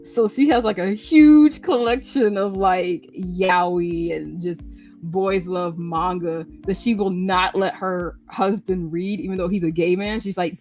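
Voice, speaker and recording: A woman with a fairly low voice chats casually on a live radio stream. Her delivery is animated, with sudden jumps into acted lines. Faint music plays underneath. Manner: animated, acts out characters' lines in quick bursts. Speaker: radio show host. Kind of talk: casual chat recapping manga.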